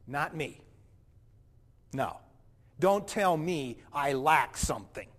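A man acting out a proud, indignant wealthy young man in a dramatic first-person monologue, with animated, defensive delivery and a long hall reverb. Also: on the high side, takes it slowly, pitched below the performer's own voice, exaggerated voice. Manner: animated, defensive, self-righteous.

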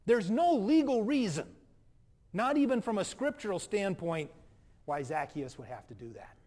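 A man preaching a sermon from the pulpit, animated, acting out the quoted lines as he goes. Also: high-pitched, normal speed. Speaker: pastor.

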